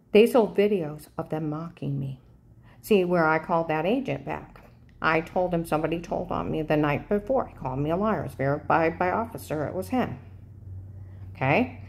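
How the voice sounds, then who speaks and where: A woman in an insistent, urgent monologue to the camera, often checking in with "okay?", her pitch jumping up sharply when agitated. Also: expressive, normal speed, creaky, a little mellow. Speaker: vlogger.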